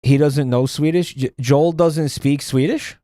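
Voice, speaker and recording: A man's voice: on the high side, fairly even intonation, a little slow, dark tone, no room sound, clean studio sound. A man streaming, ranting bluntly and swearing a lot in casual livestream commentary.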